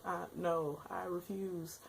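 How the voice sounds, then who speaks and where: A woman's voice: fairly low pitch, steady tone, slow, vocal fry, a little hiss or hum, low-quality recording. A young woman recapping an episode in a casual vlog, rambling and emotional, with frequent exclamations. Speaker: anime reviewer.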